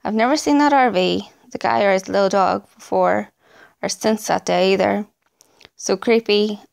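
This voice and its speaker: Female narrator, gravelly edge, dramatic read of true creepy tales. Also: mid-range voice, moderate pace. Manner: dramatic storytelling. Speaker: narrator reading stories. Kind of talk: scripted narration.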